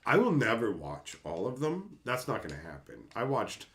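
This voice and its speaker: Animated ranting man on a stream. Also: mid-range voice, normal speed. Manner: animated, ranting, laughing, swearing. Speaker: streamer reading chat. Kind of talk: casual livestream rant.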